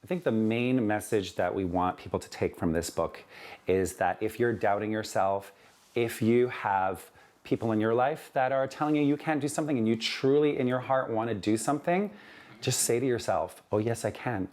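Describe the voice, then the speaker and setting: A man's voice: lowish voice, normal speed, darkish tone. A man, a children's book author, talking earnestly in an interview and telling his story with many "you know"s.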